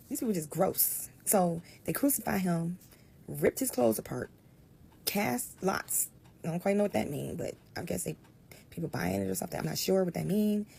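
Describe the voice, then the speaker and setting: A woman retelling a Bible passage in a casual, animated way, explaining as she goes and often dropping to a hushed whisper. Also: lowish voice, vocal fry, husky. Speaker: Bible storyteller.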